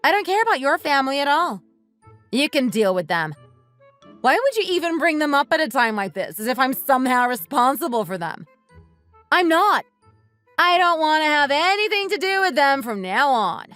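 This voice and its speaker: A woman's voice: high voice, very animated, brisk, a bit bright, dry recording, faint music behind. A woman voicing a bitter, resentful wife who bluntly accuses her husband and wants a divorce. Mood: accusing. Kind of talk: text-message story dramatization.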